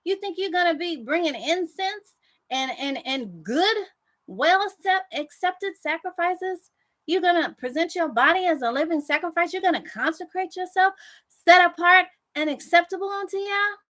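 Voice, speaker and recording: A woman voicing a scornful male enemy spirit who taunts with rapid-fire questions. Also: extremely high pitch, lively intonation, a bit bright, pitched above the performer's own voice.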